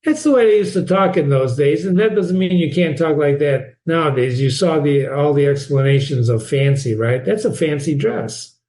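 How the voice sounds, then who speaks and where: A man hosts an informal reading lesson, and his voice sits a little higher than most. He goes back over key phrases several times and asks the listener direct questions. The recording has a roomy echo. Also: moderate pace, hardly any pauses, a little mellow. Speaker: reading teacher and host.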